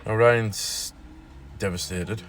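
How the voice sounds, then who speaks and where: A man's voice: on the low side, steady tone, slow, a bit bright, a little hiss or hum. A man hosting his own casual news vlog, rambling and repeating himself with fillers as he talks. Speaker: vlogger.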